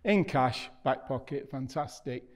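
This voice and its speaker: A middle-aged man speaks unhurriedly in a medium-pitched voice, delivering an anecdotal public lecture as an artist to an audience in a university lecture hall. He's a chatty, self-deprecating storyteller who acts out the dialogue he quotes.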